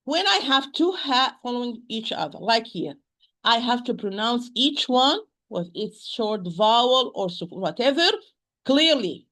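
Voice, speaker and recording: Woman, Quran recitation teacher, bright, fairly high voice, slow demonstrations of sounds. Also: big pitch swings. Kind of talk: spoken lesson with recited examples.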